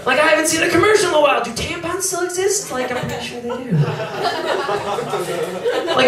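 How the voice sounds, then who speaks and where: A young male stand-up comic performs his set on a roomy comedy club stage, animated and self-deprecating, with apologetic asides and quick mimicry of others. His very high-pitched voice comes from far off the mic in the echoey club, with the audience laughing.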